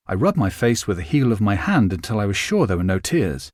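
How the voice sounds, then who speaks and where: Man, audiobook narration, lively intonation, dry close sound. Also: fairly low pitch, dry recording. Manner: measured, expressive storytelling. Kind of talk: scripted narration.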